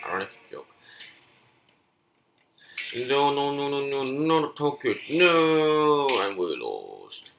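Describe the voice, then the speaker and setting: A gaming YouTuber gives live gameplay commentary, excitable and swinging between frustrated yelling and low muttering. He speaks at a slow pace with a creaky voice, over a noisy background.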